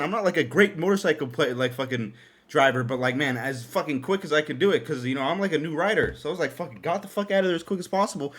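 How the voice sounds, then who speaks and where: A young man from Canada hosting a podcast, telling a story in a casual monologue with lots of swearing, laughter and sudden jumps in pitch. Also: expressive, fast talker, fairly bright tone. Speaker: podcast host.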